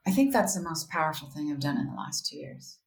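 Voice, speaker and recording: A woman's voice: deep voice, fast talker. A woman talking as a podcast guest, candid and reflective, often quoting her own inner voice. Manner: candid, reflective, animated, with quoted self-talk. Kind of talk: casual interview conversation. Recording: roomy echo.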